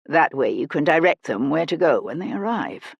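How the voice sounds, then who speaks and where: A woman voicing a calm, composed aristocratic male detective in a measured, lowered voice. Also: gravelly, husky, no room sound, highs cut off, exaggerated voice.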